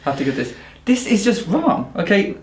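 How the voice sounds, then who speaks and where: A man with an Irish accent, a barista co-hosting a casual podcast chat, telling emphatic, animated stories. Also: high voice, normal speed, reverberant. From Ireland. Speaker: barista and co-host.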